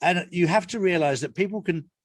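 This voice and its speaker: A man's voice: high voice, fairly quick, no room sound, studio quality. An older retired Englishman giving an interview in a casual, earnest way, repeating his points for emphasis. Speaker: interview guest, author.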